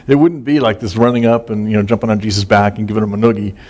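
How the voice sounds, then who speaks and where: A man's voice: on the low side, fairly even intonation, quick pace, a little mellow. A man preaching a conversational sermon that is casual and folksy, with many fillers and repeated words. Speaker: pastor. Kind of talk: sermon, conversational Bible teaching.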